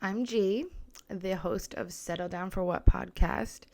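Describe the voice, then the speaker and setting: A woman's voice: mid-range voice, fairly even intonation, a little slow, gravelly, mellow. A young woman hosting her own podcast from a small apartment, chatting nervously and rambling with lots of filler words. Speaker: podcast host. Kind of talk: casual solo podcast chat. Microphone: mic with camera on tripod.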